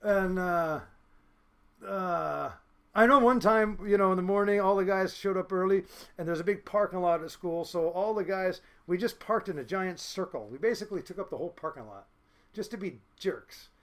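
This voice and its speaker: A man's voice: high-pitched, moderate pace, fairly bright tone. A man in his fifties from the United States, a fishing boat captain telling blunt, salty, rambling stories as a podcast guest. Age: 50s. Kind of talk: casual storytelling.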